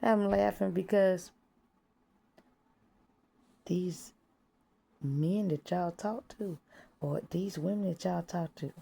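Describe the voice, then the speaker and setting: A woman's voice: on the low side, takes it slowly, vocal fry, long pauses, warm tone, husky. A woman in a casual spiritual monologue, talking bluntly and profanely, laughing at her own jokes and sometimes dropping to a whisper. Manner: drops to whispers at times. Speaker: vlogger.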